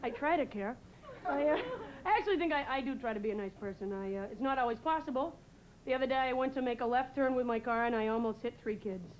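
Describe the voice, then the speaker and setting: A woman from New England doing a rambling stand-up set on a TV stage, full of halting pauses and "uh"s. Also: fairly high pitch, a little hiss or hum, low-quality recording. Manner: rambling, halting delivery with many "uh"s. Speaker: stand-up comedian. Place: TV studio stage before a live audience. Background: audience laughter.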